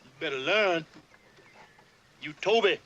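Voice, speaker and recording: A man's voice: fairly high pitch, animated, a little slow, fairly bright tone, lo-fi sound. An actor with a Southern accent playing an older enslaved fiddler who fawns over his master and scolds a newcomer in a drawling dialect. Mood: stern. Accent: American Southern. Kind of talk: period film drama.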